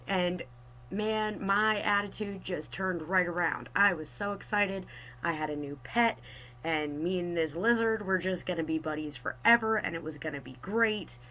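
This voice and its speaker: A woman's voice: lowish voice, a little slow, pushed and bright, poor audio. A young woman telling a personal story in a casual, chatty way, wry and self-mocking. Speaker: artist storyteller.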